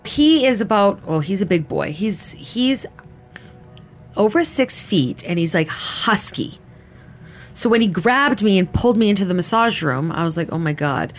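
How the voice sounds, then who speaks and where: A woman in her thirties giving a candid personal account in an interview, halting and searching for words with many restarts. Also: medium pitch, animated, faint music behind. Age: 30s.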